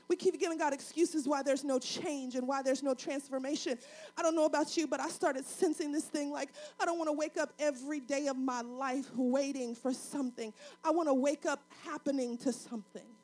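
High-voiced woman preaching with fervor. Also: fairly even intonation, a little fast, a little mellow. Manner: preaching with rising fervor, repetitive cadence. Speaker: pastor. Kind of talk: sermon.

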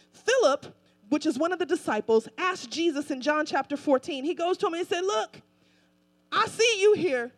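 High-voiced woman preaching emphatically. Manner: emphatic, repetitive, colloquial preaching. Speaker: pastor. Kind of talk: sermon.

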